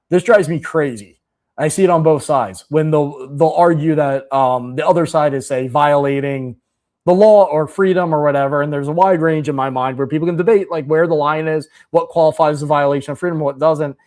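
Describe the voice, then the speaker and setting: A man hosting a podcast, giving rambling, animated commentary full of restarts and fillers. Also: a little high, brisk. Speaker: podcast host. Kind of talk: casual commentary.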